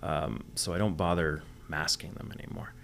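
A man's voice: extremely low pitch, fairly even intonation, moderate pace, vocal fry, fairly bright tone, slight background noise. A man from the United States, a voice actor guest, chatting candidly in a rambling interview and swearing freely. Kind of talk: casual interview chat.

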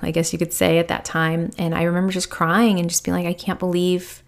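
Reflective woman with a lowish voice. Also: little pitch movement, fast, gravelly. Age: 30s. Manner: candid, reflective, many fillers. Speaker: podcast host, spiritual medium. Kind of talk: personal storytelling.

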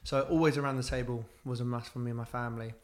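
Relaxed man guest. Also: medium pitch, very fast. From West London, England. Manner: friendly, relaxed storytelling. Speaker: guest, former footballer. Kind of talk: casual chat interview.

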